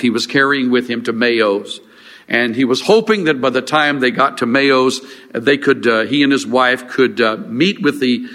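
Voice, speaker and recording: A man's voice: mid-range voice, fairly bright tone. Older male pastor preaching in a reverberant hall. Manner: earnest, halting with restarts and fillers. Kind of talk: sermon. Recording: long reverb of a large hall.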